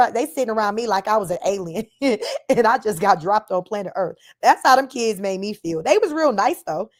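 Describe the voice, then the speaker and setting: A middle-aged woman from Northern California with a Bay Area accent and a slight Southern twang, chatting casually to a livestream and telling stories with frequent laughter. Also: medium pitch. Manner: animated storytelling, laughs often, reads chat comments aloud. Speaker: livestream host.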